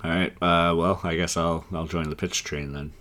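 Low-voiced playful man podcasting. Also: flat delivery, fairly bright tone. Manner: playful, laughs often, puts on quick silly voices. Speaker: podcast co-host. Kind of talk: casual comedic brainstorm chat.

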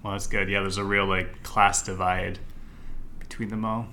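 A man's voice: sits low, level tone, moderate pace, sharp tone, a little hiss or hum. A man, a comedy podcast host, loosely brainstorming in casual chat.

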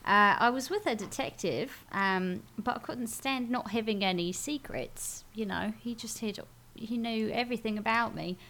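A woman's voice: fairly high pitch, moderate pace, a bit bright. A woman voicing a hard-luck young Victorian chimney sweep in a put-on British accent, glum and self-pitying.

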